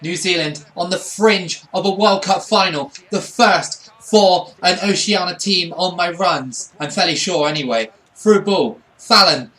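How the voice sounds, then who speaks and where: Bright-voiced excitable man calling football. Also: high-pitched, unhurried, hardly any pauses. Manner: excitable play-by-play, swings from muttering to shouts. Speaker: gaming channel host. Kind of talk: live commentary over own football video game.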